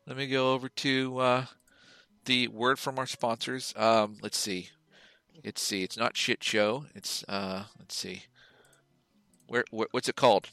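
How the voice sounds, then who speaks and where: A man's voice: medium pitch, little pitch movement, measured pace, vocal fry, pushed and bright, no room sound, low-quality recording. A man co-hosting a casual podcast, talking in a rambling, profane, jokey way. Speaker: podcast co-host. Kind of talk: casual chat, reading a joke ad.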